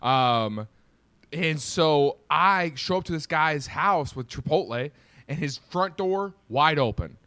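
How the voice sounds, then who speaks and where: Animated young man telling funny stories. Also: a little high, slow pace, smooth, dry recording. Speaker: comedian guest. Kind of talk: casual storytelling chat. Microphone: video call.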